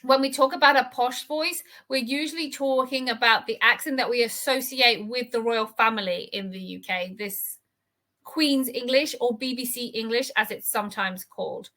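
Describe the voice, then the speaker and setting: A woman teaching an advanced English reading lesson, walking through words and grammar with patient, clear explanations. Her voice is bright and forceful, sitting a little high, and she checks in with learners often. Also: normal speed.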